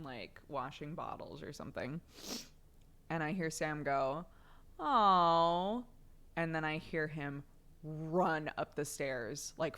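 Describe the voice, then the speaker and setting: Low-voiced, unhurried young woman streamer. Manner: chatty storytelling with frequent laughter and swearing. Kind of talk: casual chat.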